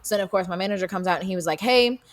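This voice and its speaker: A woman's voice: medium pitch, rapid-fire. A young woman co-hosting a podcast, retelling a story casually with lots of fillers, swearing, and acted-out quotes. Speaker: podcast co-host.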